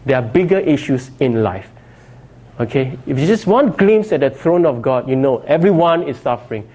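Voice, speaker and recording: Brief: middle-aged male pastor, casual sermon delivery, slightly high voice, keeps checking in with listeners. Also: a little mellow. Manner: conversational preaching, frequent 'you know' and 'okay'.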